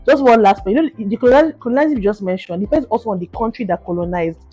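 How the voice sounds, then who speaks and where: Nigerian woman co-host, rapid and animated, faint music under her, chatty podcast talk. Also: mid-range voice, husky. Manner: fast-talking, animated, repeats herself. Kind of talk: casual chat.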